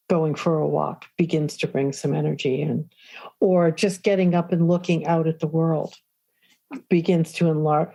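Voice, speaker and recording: A woman guest on a podcast interview, explaining calmly and often checking in with "right?". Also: low voice, gravelly. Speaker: guest expert on the nervous system.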